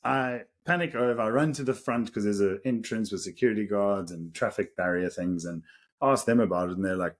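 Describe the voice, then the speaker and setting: A man's voice: on the low side, brisk. A South African man in his thirties, a podcast co-host telling a story casually, laughing often as he goes. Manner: animated, laughs through the story.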